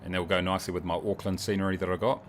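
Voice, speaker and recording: A man's voice: low-pitched, little pitch movement, very fast, a little hiss or hum. A New Zealand man livestreaming a flight sim, chatting in a rambling, joking, self-mocking way. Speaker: streamer. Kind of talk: casual livestream chat while flying a sim.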